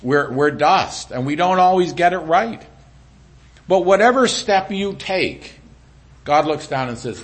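Animated man preaching a sermon. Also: fairly high pitch. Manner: animated preaching, drops to a quiet voice for God's lines. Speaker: pastor.

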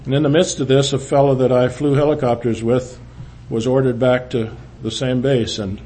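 Brief: older man sharing his testimony, halting and plain, mid-range voice. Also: steady tone, a little hiss or hum. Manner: halting storytelling, frequent restarts, drops low and quiet. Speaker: speaker giving testimony. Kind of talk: personal testimony to a church.

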